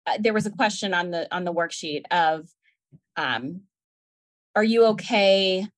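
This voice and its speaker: A woman hosting a casual podcast chat, relaxed and listening with short affirmations. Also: on the low side, unhurried.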